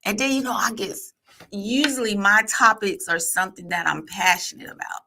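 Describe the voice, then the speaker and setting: Animated, gravelly-voiced middle-aged woman. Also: medium pitch, normal speed. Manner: animated storyteller, slangy, laughs often. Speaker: podcast guest. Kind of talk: casual chat. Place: podcast studio.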